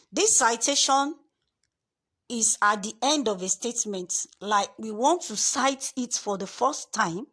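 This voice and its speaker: A woman tutor giving a screen-share lesson, repeating herself and stressing key words slowly. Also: on the high side, fairly bright tone.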